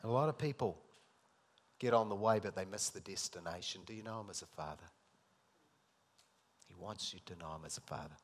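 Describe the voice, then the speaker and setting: A man preaching a sermon, acting out scripture dialogue and swinging between loud emphatic lines and soft intimate ones. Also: low-pitched, a little fast, long pauses.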